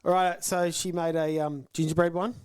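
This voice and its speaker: Aussie co-host, raised pitch, quick jokey interjections, dry sound. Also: male voice, level tone, darkish tone, clear, resonant tone, dry recording. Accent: Australian. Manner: joking, chimes in with quick quips. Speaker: podcast co-host. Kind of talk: casual banter.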